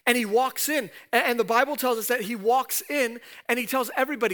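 A male pastor preaching a sermon, retelling scripture scenes and building to loud, emphatic repeated questions. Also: very high-pitched, a little fast.

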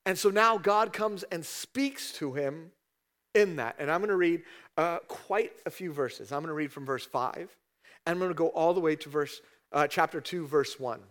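A man's voice: on the high side, moderate pace, a bit bright. A middle-aged man, a pastor, preaching a sermon in a conversational storytelling way, often tagging "right?" onto his sentences.

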